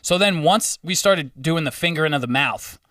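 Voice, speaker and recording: A man co-hosting a podcast, narrating a story in casual chat, energetic and profane, often laughing. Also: on the high side, moderate pace, no room sound. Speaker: podcast co-host. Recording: voice from a distance, dry room.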